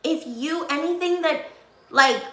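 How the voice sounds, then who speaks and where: A woman's voice: high voice, measured pace, fairly bright tone, echoey room. A young woman vlogger talking to her viewers in an upbeat, encouraging, preachy way. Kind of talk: motivational vlog talk.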